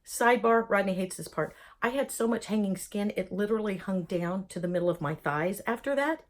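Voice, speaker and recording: A woman telling a personal story in a lively, joking way, acting out voices as she goes. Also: medium pitch, brisk. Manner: lively, jokey, acts out voices in quotes. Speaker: vlogger telling her own story.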